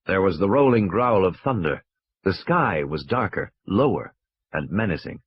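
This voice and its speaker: In a dry, somewhat muffled recording, a man reads an audiobook at a moderate, steady storytelling pace. His voice is slightly husky and its pitch rises and falls with animation.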